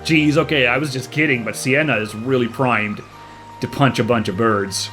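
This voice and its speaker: A man's voice: medium pitch, moderate pace, fairly bright tone, faint music behind, rough recording. A man hosting a let's play, musing chattily about the game with plenty of fillers. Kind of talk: casual gameplay commentary.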